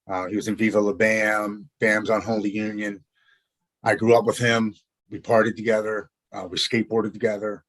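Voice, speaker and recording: A man, a podcast guest, telling his own story in an earnest, halting way, often repeating words as he goes. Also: lowish voice, no echo, poor audio. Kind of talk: personal storytelling.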